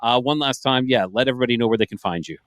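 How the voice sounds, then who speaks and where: A man's voice: mid-range voice, fairly bright tone, no room sound. A man hosting a podcast interview, talking casually with frequent stammers and restarts. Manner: halting, stammers and restarts, praising the guest. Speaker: podcast host.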